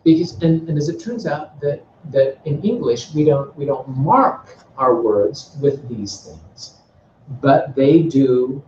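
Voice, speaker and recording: Man, teacher, repeat-after-me drilling, stretched-out words, mellow tone, distant, roomy classroom sound. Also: medium pitch, lively intonation, slow, muffled recording, a little hiss or hum. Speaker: Greek teacher. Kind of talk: classroom lecture. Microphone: far from the mic.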